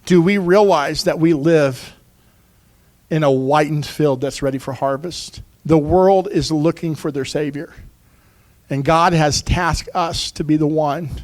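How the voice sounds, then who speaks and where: A man preaching with an earnest, urgent drive, breaking into casual asides to his listeners. His voice sits high for a man. He speaks as a pastor from the pulpit. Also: unhurried. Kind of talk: sermon.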